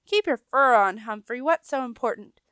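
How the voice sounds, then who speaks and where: A woman's voice: a little high, lively intonation, normal speed, a bit bright, smooth, no room sound. A woman voicing a proud male messenger rat who speaks firmly and formally. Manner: firm, dignified, formal.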